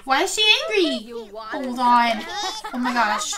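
A woman's voice: a little high, expressive, unhurried, a crowd in the background. A young woman commentating her life simulation game play, gasping and gushing over the characters. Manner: gushing, gasps often, repeats "oh my gosh". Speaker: gaming video host. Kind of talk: Sims let's play commentary.

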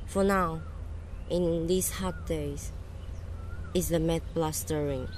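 A woman's voice: low voice, steady tone, takes it slowly, noisy background. A woman playing a wary young man who warns a friend to avoid a fight in an amateur Shakespeare film. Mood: warning. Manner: urgent, warning.

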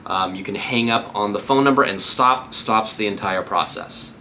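A man's voice: lowish voice, normal speed, sharp tone, slight background noise. A man working as a real estate agent, giving a casual, upbeat tutorial on cold calling between live calls.

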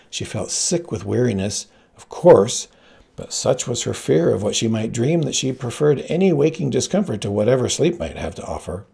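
A man reading a story aloud, narrating in a gravelly voice and giving each character its own pitch. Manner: reads all characters with shifting pitch, quiet narration tags. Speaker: audiobook reader. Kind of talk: scripted narration.

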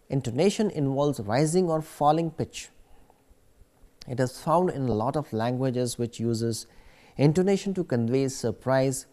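Mellow-voiced male lecturer. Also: a little high. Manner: explanatory, steady lecturing with occasional fillers. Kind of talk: recorded academic lecture.

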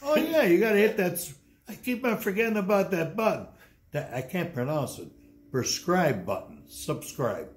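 A man's voice: high-pitched, animated, a little fast. Blunt storytelling man in his eighties. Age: 80s. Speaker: interviewee and tour guide. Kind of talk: casual storytelling. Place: indoors at home.

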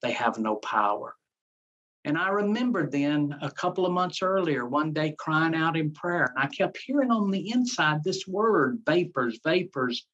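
A man's voice: a little high, expressive, normal speed, hardly any pauses, a bit bright. A man, a pastor, telling his life story in an interview in an earnest way, repeating phrases and acting out his own past words. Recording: dull lo-fi sound.

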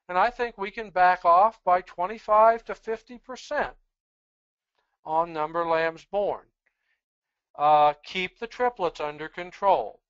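A presenter giving a webinar lecture on sheep breeding in a measured, explanatory, plain-spoken way. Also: mid-range voice, no echo, dull audio.

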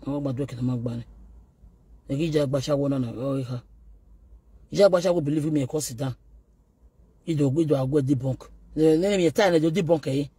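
A Nigerian man with a rough voice, ranting and taunting as he addresses a rival directly, slipping between pidgin and Yoruba. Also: medium pitch, fairly even intonation, brisk, long pauses, dark tone, no echo. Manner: scolding, taunting, code-switching into Yoruba. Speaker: online video host.

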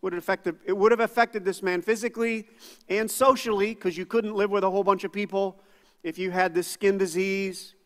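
A man's voice: high voice, fairly even intonation, brisk, a bit bright, long reverb tail. A man preaching a sermon as pastor, conversational and self-deprecating, with casual asides to the congregation. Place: church sanctuary.

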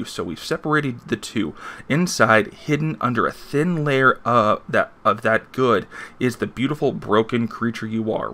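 Gravelly, bright-voiced comic reviewer man. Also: mid-range voice. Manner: rambling, lots of fillers and restarts.

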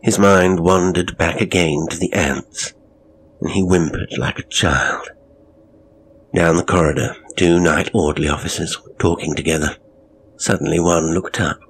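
A man narrating a horror story in a measured, dramatic, brooding way. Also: deep voice, fairly even intonation, husky.

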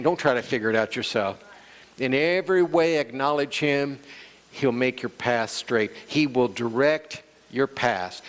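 A male pastor preaching a sermon, calling out to the congregation and acting out quoted voices. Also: medium pitch. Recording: long church hall reverb.

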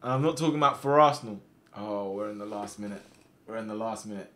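A young man commentating his own football management game, swinging between quiet muttering and loud excited shouts. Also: lowish voice, fast. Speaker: gaming streamer.

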